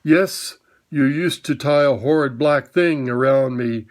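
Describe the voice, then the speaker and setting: A man voicing a gentle talking horse who speaks slowly and thoughtfully, as if half remembering a dream. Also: mid-range voice, natural voice. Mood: musing. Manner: slow, thoughtful, muddled. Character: slow, gentle old cab horse.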